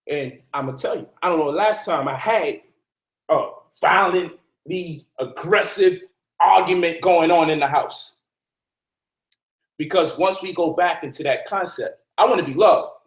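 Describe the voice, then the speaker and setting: A man with a high voice preaches to his listeners in an emphatic, animated way. He speaks as the host of an online talk, and his voice bounces around an echoey room.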